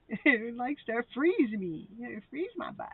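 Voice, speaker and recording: Woman, live tarot stream host, unhurried and giggly chatter, tinny phone-line sound. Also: on the high side, gravelly, husky, no room sound. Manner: laughs often, chatty and rambling. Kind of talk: casual live-stream chat.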